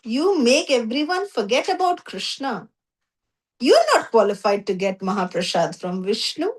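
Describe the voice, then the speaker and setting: Woman doing a jovial, teasing male god, high and playful. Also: very animated, moderate pace, poor audio. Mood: joking.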